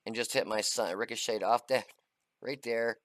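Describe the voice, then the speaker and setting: A man's voice: lowish voice, normal speed, fairly bright tone, slight background noise. A middle-aged man casually talking through a replay of his tank game, chatty and folksy with lots of "uh" fillers. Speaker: gaming channel host. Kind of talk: casual gameplay commentary.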